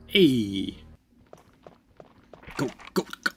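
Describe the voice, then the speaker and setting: Animated man yelling through gameplay. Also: medium pitch, moderate pace, slight background noise. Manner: loud, profane reactions with self-mocking jokes. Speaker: let's play host. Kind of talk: gameplay commentary.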